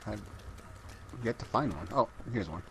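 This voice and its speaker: A man's voice: fairly low pitch, animated, moderate pace, creaky, fairly bright tone, a little hiss or hum. A man co-hosting a live stream, chatting casually while gaming in a laid-back way. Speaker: stream co-host.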